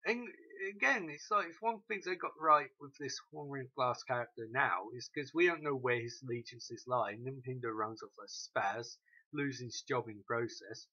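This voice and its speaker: A man ranting through a TV episode recap, swearing often and mocking the characters in quick quoted asides. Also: medium pitch, sharp tone, slightly rough, dull audio. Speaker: show recap host.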